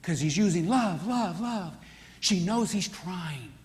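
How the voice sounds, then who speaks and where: A man teaching a marriage seminar in an animated way, often acting out what spouses say. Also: high-pitched, slow. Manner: animated, acts out quoted voices. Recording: echoey hall with long reverb.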